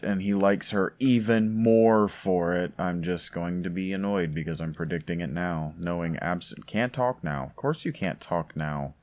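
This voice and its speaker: Sarcastic man commentating on a game. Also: sits low. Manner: sarcastic, mocking, complaining. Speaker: let's play commentator.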